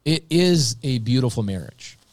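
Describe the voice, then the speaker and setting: A lively man talking on a podcast, jumping between characters as he acts out little conversations. His pitch leaps around as he plays each side, and the recording is dry and close. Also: moderate pace, no echo. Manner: energetic, voices both sides of imagined conversations. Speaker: podcast guest, real estate investor. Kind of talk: animated storytelling with acted-out dialogue.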